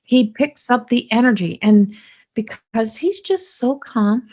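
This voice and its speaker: A middle-aged woman hosting a podcast, talking in a lively, rambling way with many restarts. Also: fairly high pitch, measured pace. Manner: animated, talkative, many restarts. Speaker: podcast host; psychic medium. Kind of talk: casual spoken monologue.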